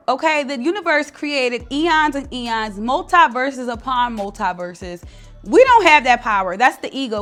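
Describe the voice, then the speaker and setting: A woman's voice: on the high side, fairly bright tone. A woman giving casual motivational talk to camera, blunt and slangy, with lots of emphatic stress. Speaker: spiritual content creator.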